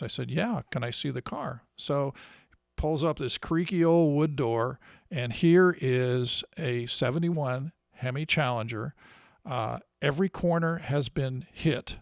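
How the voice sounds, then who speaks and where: Casting: man, gravelly, rambling anecdote, dry close sound. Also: medium pitch, unhurried, dry recording. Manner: rambling storyteller, many fillers and restarts. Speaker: co-host telling car stories. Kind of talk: casual storytelling chat.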